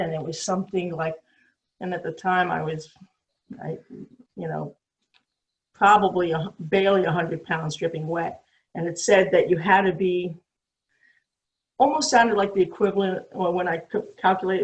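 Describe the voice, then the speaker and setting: A woman in her sixties with a New England accent, a guest telling stories casually, rambling and halting with many fillers and restarts. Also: on the low side, poor audio. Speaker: interview guest, marathon swimmer. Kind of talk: casual storytelling.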